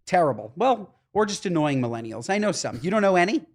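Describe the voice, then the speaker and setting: A man co-hosting a podcast in casual chat, telling stories in an animated, exasperated way. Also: sits high, fast talker. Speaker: podcast co-host.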